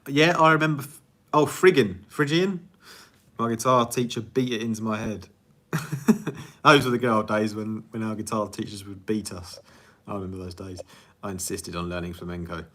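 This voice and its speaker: A chatty man runs a casual livestream Q&A as a music producer and rambles through viewer questions. He laughs easily and makes fun of himself. His voice sits on the low side but comes across bright and forward. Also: fairly even intonation, normal speed. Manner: rambling, chatty, laughs often, self-deprecating.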